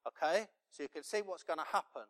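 A middle-aged man delivers a sermon, telling a homely story that swells into loud, impassioned preaching. His voice sits a little high for a man. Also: quick pace.

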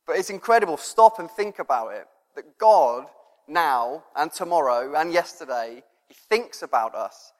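A man's voice: on the high side, lively intonation, moderate pace. Chatty male preacher in a reverberant hall. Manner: chatty, rambling with fillers. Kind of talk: informal sermon.

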